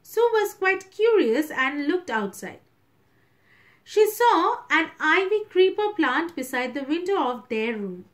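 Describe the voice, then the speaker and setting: Brief: Indian English woman teacher, very high and lively voice, slow and deliberate, explains the story line by line. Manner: retells each passage in simpler words.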